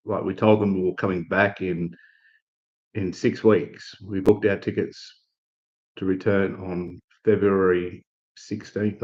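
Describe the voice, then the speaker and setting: On a live stream, a man from Australia casually rambles through a laid-back story, restarting sentences and using fillers. His pitch is fairly low, and the high frequencies are missing from the audio.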